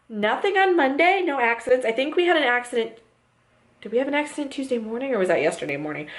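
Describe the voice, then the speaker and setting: In a fairly high, slightly bright voice, a young female vlogger chats away casually, laughing a lot and doing voices whenever she quotes someone.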